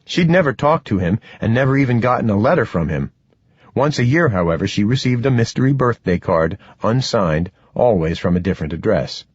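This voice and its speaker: Male audiobook narrator, low, husky, lively reading, dull dry recording. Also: a little fast, no echo. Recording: dull, dry, slightly muffled.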